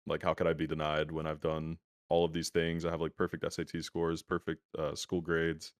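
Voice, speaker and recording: A young man speaks as an interview guest, easygoing and full of filler words. His voice sits very low and has a smooth, resonant tone. The sound is dry and comes over a video call that sometimes stutters. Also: a little fast, no echo. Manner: relaxed, many filler words like "um" and "like". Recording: laggy internet call audio.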